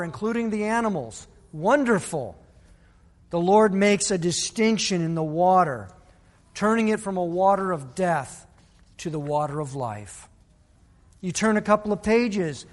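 A man's voice: high voice, in a large hall. A male pastor preaching a sermon, telling a Bible story and acting out the people's voices. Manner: storytelling, acts out biblical voices.

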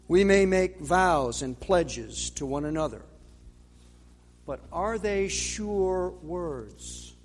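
A man preaching a sermon in a measured way, with dramatic pauses and rhetorical questions. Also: on the high side. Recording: long reverb of a large hall.

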